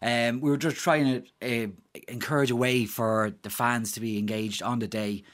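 A man's voice: medium pitch, level tone, moderate pace, fairly bright tone. A man with an Irish accent, a volunteer mascot performer, talking upbeat and rambling as a radio guest. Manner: rambling, upbeat, many fillers and restarts. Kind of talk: casual radio interview guest.

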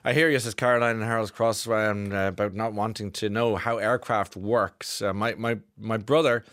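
Chatty radio host, dry studio sound. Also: male voice, on the low side, steady tone, moderate pace, fairly bright tone, no echo. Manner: chatty, wry. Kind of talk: casual radio talk reading listener texts.

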